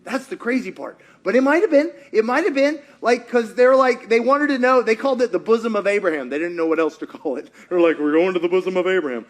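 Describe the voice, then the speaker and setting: A middle-aged man preaching with a high, bright voice. He tells the story with energy, acts out each character's lines and keeps asking the congregation questions. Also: brisk, hardly any pauses. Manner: animated storyteller, acts out quotes, asks the audience. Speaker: pastor. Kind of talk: sermon.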